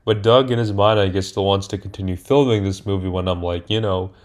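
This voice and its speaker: Deep-voiced man rambling through a film recap. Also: fairly quick, a little mellow. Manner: rambling, hesitant, many fillers and self-corrections. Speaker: movie reviewer. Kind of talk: casual spoken film recap.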